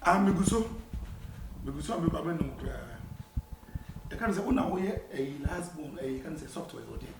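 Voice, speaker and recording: A man, joking loudly in a comedy skit and mixing English with Twi. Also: a little high, fairly quick, long pauses, far from the mic. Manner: loud excited mix of English and Twi. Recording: echoey room, faint noise.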